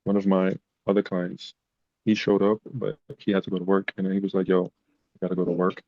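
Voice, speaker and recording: A man's voice: low-pitched, brisk, no room sound, highs cut off. A man, a podcast guest, telling personal stories in a casual, emotional way. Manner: emotional, animated retelling. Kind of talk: casual storytelling.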